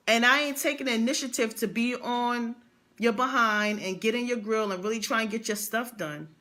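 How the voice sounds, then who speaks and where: A woman's voice: on the high side, bright, forceful tone. A young adult woman speaking, telling a motivational story with emphatic repetition and slang. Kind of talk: motivational vlog monologue.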